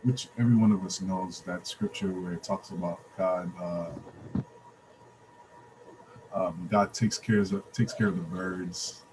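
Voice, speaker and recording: A man with a very low voice chimes in on a video call, hesitant and soft-spoken, full of ums and restarts. A faint hum of noise sits behind him. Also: fairly even intonation, a little slow. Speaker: call participant. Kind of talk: casual discussion on a video call.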